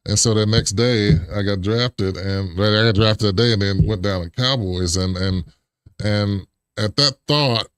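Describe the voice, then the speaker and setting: A man in his forties with a lowish voice, recorded dry and close, recounting his past in a relaxed interview. He gets animated, acting out remembered dialogue and chuckling along the way. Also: unhurried, clean tone, dry recording. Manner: animated, acts out remembered dialogue with big pitch jumps, chuckles. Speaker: interview guest, former pro football lineman. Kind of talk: casual storytelling interview.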